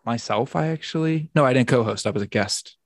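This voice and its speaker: A man's voice: medium pitch, a little fast, no room sound, studio quality. A man hosting a podcast in casual chat, rambling and often restarting his sentences. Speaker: podcast host.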